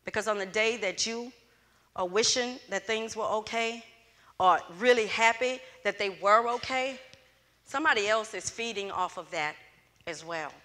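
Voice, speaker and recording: A woman's voice: mid-range voice, moderate pace. A middle-aged woman from Louisiana, telling her story in a motivational speech to students and acting out the dialogue with energy. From Louisiana, USA. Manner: animated storyteller who acts out dialogue. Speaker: closing speaker at a student event. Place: event hall with student audience. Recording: echoey hall.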